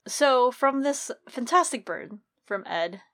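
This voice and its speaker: Animated woman ranting about a book. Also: high voice, slow. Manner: animated, opinionated rants. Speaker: podcast co-host. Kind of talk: casual book-club chat.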